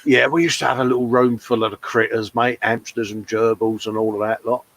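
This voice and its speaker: A chatty British man in his fifties with a mid-pitched voice, jokingly reading out viewer comments in a casual stream. He keeps calling people "mate", and the sound is dry and close, with no room around it. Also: little pitch movement, brisk, fairly bright tone, dry recording. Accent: British English. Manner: chatty, jokey, says "mate" a lot. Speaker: livestream co-host.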